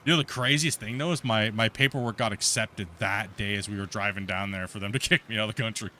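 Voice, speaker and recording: A man's voice: fairly low pitch, fast talker, a little hiss or hum. A man hosting a live stream, telling a long rambling story in casual voice chat, full of fillers and restarts. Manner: rambling, animated anecdote with many fillers. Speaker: streamer host.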